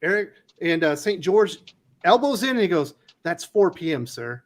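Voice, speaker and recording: A man's voice: high voice, moderate pace, slight background noise. A man hosting a casual comics panel livestream, telling a story with lots of acted-out quotes and swearing. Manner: animated storyteller, swears, acts out quotes loudly. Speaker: host of a comics news livestream.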